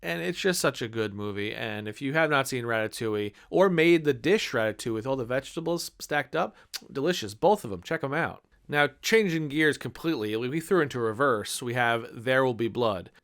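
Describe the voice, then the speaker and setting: A man in his thirties talks through his favorite movies in a casual, enthusiastic ramble full of fillers. His voice is smooth and clear, sitting at a middle pitch. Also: a bit bright. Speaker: movie reviewer.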